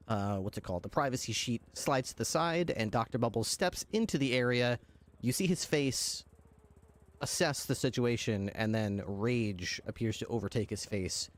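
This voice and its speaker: A man narrating as game master of an improvised role-play, hesitant with many fillers and frequent laughter. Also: mid-range voice.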